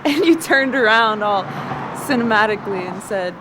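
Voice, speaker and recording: A woman's voice: mid-range voice, expressive, moderate pace, natural voice. An acting student performing a heartfelt monologue as a young woman fondly recalling her childhood best friend. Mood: wistful. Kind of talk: rehearsed dramatic monologue. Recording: noisy background hum.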